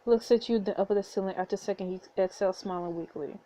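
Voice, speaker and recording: A woman's voice: mid-range voice, fairly even intonation, racing, warm tone. A woman hosting a let's play, reading a story game aloud and reacting with giggly asides.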